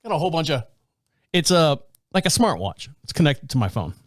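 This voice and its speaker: Animated man telling a story. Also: fairly high pitch, a little fast, no room sound, studio quality. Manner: animated, laughs often, acts out quoted voices. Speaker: podcast host. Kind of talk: casual storytelling.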